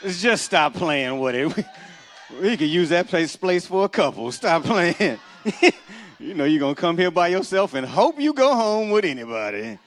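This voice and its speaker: Animated Black stand-up comedian. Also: male voice, high voice, normal speed. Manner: animated, acts out voices. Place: comedy club stage.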